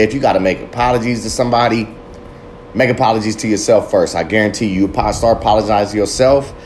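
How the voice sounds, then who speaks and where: A man's voice: lowish voice, darkish tone, slight background noise. A man giving a fiery, profanity-laced motivational monologue about addiction and recovery. He rambles, goes off on tangents and speaks with raw passion.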